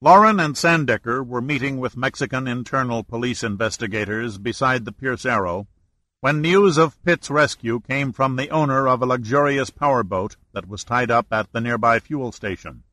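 Bright-voiced man reading a novel aloud. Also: mid-range voice, normal speed, no echo. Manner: steady storytelling. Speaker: audiobook narrator. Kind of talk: scripted narration.

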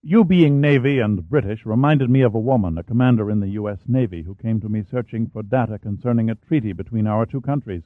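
A man's voice: lowish voice, a little fast, few pauses, no room sound, close to an everyday voice. A man voicing a friendly, chatty American historian. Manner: genial, chatty. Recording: dry, tinny phone-like sound.

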